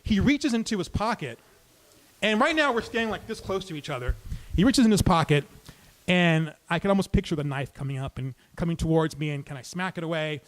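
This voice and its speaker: High-voiced man telling a comic story. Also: lively intonation, fairly quick. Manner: comic, conversational, wry.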